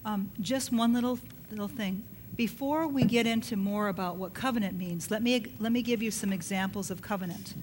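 A woman co-leading a Bible study explains a term patiently and in order, adding small examples as she goes. Her voice sits in an ordinary middle pitch, with a faint rumble in the background. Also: a little fast, hardly any pauses. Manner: explanatory, affirming with brief murmurs. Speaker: co-teacher.

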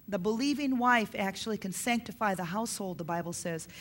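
A woman's voice: mid-range voice, fairly quick, few pauses. A middle-aged woman preaching a sermon on parenting, earnest, repeating her key points for emphasis.

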